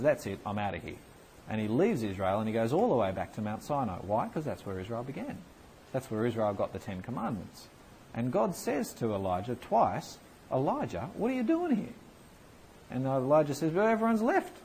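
A man preaching a conversational sermon and answering questions, with lively, animated emphasis. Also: lowish voice, slight background noise, rough recording.

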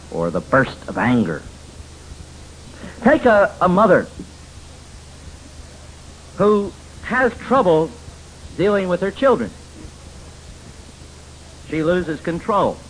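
A man teaching about biblical counseling, emphatic and folksy, often pausing on "uh" as he tells homely stories. His voice sits at an ordinary middle pitch. A faint hiss runs under the speech. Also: low-quality recording. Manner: emphatic, folksy storytelling with many fillers. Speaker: Christian counselor lecturing. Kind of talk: teaching lecture.

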